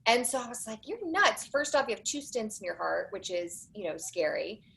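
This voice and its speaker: A woman in her forties, a documentary producer, chatting as a guest on a podcast with animated storytelling and quick asides. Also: medium pitch, creaky, poor audio. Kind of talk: casual interview chat.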